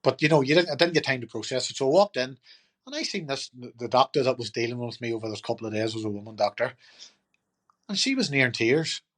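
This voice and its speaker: A man's voice: medium pitch, animated, fast, fairly bright tone. A middle-aged man, a podcast guest telling his story in a chatty, rambling way full of fillers. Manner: chatty, rambling, lots of "you know" and "turned around and says". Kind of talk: casual storytelling.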